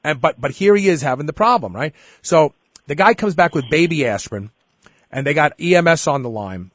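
A man's voice: on the high side, a little fast, no echo, studio quality. A middle-aged man hosting a show, telling a story in casual chat and acting out the dialogue. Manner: animated storyteller, acts out dialogue. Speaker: show host.

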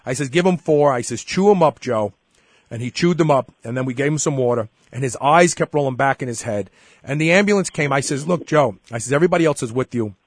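A man's voice: medium pitch, fast talker, no echo, studio quality. A middle-aged man hosting a show, telling a story in casual chat and acting out the dialogue. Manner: animated storyteller, acts out dialogue. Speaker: show host.

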